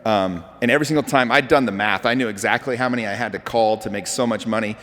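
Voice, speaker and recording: Fast-talking man in a reverberant hall. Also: fairly low pitch. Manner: energetic, animated storytelling with acted quotes. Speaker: speaker. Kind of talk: motivational talk to an audience.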